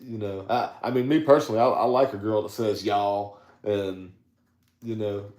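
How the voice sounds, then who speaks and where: A man's voice: lowish voice, steady tone, normal speed, a little mellow, echoey room. A man with a Southern accent from South Carolina, co-hosting a podcast in casual chat, easygoing with stammered restarts. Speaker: podcast co-host.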